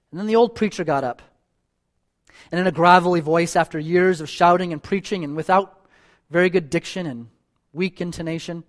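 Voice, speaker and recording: A man preaching a sermon as a church elder, earnest and pleading, repeating phrases for emphasis and closing in prayer. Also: fairly high pitch. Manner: ends in a spoken prayer.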